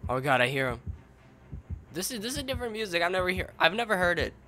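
A man's voice: high voice, big pitch swings, fast. Ranting, swearing young male gamer. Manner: swears a lot, rants and shouts in frustration. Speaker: gameplay video creator. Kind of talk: gaming commentary.

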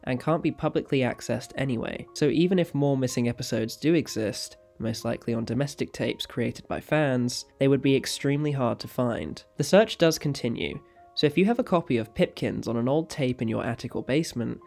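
Guy reading a scripted history doc, calm and even, low music bed behind. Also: fairly quick, creaky. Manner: steady, informative reading with a brief apology for mispronouncing. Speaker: documentary narrator. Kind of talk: scripted documentary narration.

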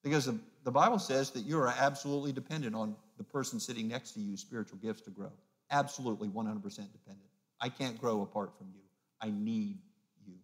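A man preaching as a pastor, emphatic, swinging between loud peaks and hushed low phrases, and acting out the mocking voices of the crowd. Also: steady tone, fast. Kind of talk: sermon.

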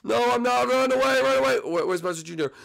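A man voicing Mario as a frantic, panicky figure on the run, yelling high and breathless. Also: expressive, quick pace, vocal fry, heavily acted. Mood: panicked.

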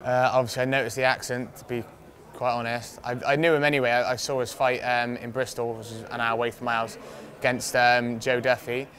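A man's voice: medium pitch, level tone, a little fast, a bit bright. A young man, a fighter, telling a rambling anecdote in a casual interview, swearing freely and laughing often. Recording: crowd noise outdoors.

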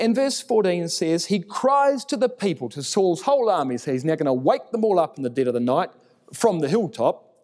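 Male Bible teacher, lively delivery, mellow tone, long hall reverb. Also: a little high. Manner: animated, acts out biblical dialogue in raised voice.

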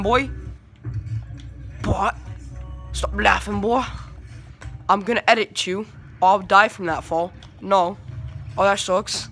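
High, bright-voiced excitable gamer guy. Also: takes it slowly, long pauses, soft background music. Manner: excitable, trash-talking, yelling outbursts. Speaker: gameplay streamer. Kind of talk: live gameplay commentary.

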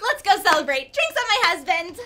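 A teenage girl in a school performance, playing a brash, vain showgirl with a squeaky, giddy voice. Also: big pitch swings, fairly quick, pushed and bright, a little hiss or hum, heavily acted. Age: teens.

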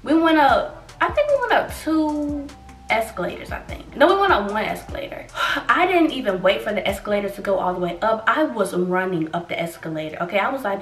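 A young woman telling a story to her viewers in a casual vlog, lively and expressive, acting out what she and others said. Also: medium pitch, fairly quick, roomy sound, recorded from a distance. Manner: animated, acts out quotes, addresses viewers as y'all. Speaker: vlogger.

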